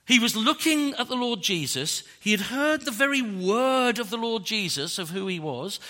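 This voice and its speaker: A man preaching a sermon, emphatic and animated, often tagging rhetorical questions onto his points. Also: sits high, moderate pace. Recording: long hall reverb.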